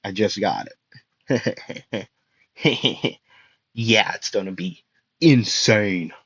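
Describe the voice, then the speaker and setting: A man's voice: lowish voice, extremely slow, a bit bright, slightly rough, dry recording, highs cut off. A young man telling a fan story in a casual, rambling, jokey way, often stopping to correct himself.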